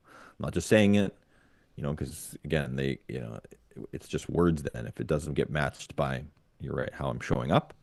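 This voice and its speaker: A man's voice: extremely low pitch, vocal fry, no room sound. A man co-hosting a podcast about fatherhood, thinking aloud in a thoughtful, searching way. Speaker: podcast co-host. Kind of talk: reflective casual conversation.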